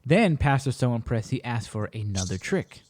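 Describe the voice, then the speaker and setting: A man's voice: mid-range voice, moderate pace. A man hosting a podcast, telling a story in a casual way and acting out the other people in it. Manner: animated, acts out other people's voices. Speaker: podcast host.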